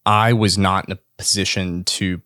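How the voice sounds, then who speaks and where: A man's voice: deep voice, flat delivery, moderate pace, fairly bright tone, dry recording, studio quality. A man co-hosting a podcast, earnest and jokey, often finishing his partner's sentences. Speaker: podcast co-host. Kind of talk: casual chat.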